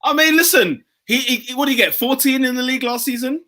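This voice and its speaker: Young male podcast co-host, high bright voice, slangy and animated. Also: fast. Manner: animated, slangy, laughs often. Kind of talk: casual football chat.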